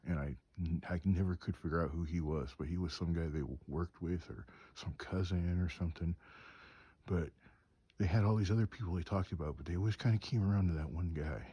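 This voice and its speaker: A man's voice: low voice, brisk, mellow, slightly rough, no echo, muffled recording. A man telling stories in a rambling, chuckling way, cold and shivering outdoors at night. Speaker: storyteller and craftsman. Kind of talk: casual storytelling. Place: outdoors at night on a mountain trip.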